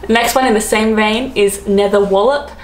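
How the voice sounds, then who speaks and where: A woman's voice: mid-range voice, steady tone, normal speed. A woman with an Australian accent chatting to camera as a travel vlogger, giggly and full of "like" fillers. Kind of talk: casual chat to camera. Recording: roomy echo.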